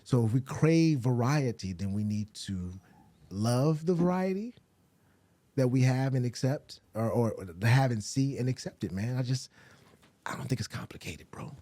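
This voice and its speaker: A man with a Southern US accent talking casually as a podcast guest, rambling, swearing freely and now and then jumping into high, laughing asides. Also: lively intonation, a little slow, mellow, dry recording. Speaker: actor and director, podcast guest. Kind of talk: casual conversational interview.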